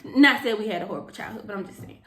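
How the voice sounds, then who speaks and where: Woman in her 30s, super bright voice, laughs while she tells stuff, echoey room. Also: medium pitch, very fast. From Alabama, US. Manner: animated, laughing storyteller. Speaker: co-host. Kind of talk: casual chat. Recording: roomy echo.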